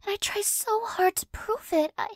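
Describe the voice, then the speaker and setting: A woman in a whispered role-play, talking softly and doting on a pet-like companion, often flustered, stammering and sighing, close to the microphone. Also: very high voice, moderate pace, no room sound. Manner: soft, flustered, doting, with frequent stammers and sighs. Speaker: ASMR creator.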